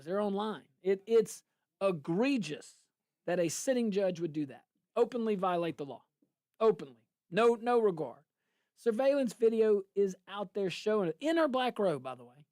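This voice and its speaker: A man's voice: high voice, a little mellow, no room sound. Brief: male political talk host, emphatic, incredulous, dry close studio mic. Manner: emphatic, incredulous, quick to laugh. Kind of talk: political talk radio banter.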